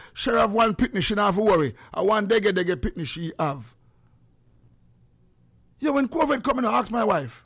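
Jamaican radio host guy, pretty high voice, preachy and excitable, goes loud then quiet. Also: gravelly, dry recording. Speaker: radio talk show host. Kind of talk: call-in radio talk.

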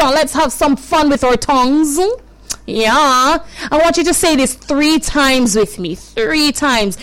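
Playful woman, high lively voice. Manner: playful, greets viewers. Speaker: host. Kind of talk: live-streamed kids' lesson. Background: faint song playing.

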